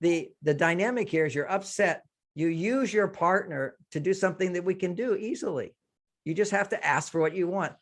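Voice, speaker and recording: A man's voice: high voice, moderate pace. An older man, a relationship author, giving advice in a conversational interview and acting out example lines. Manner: explains with quoted example lines.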